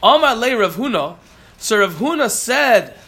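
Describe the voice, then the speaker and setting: A man's voice: extremely high pitch, sing-song, unhurried, fairly bright tone. A man teaching a Talmud class, reading Aramaic phrases and then explaining them plainly, often catching and correcting himself.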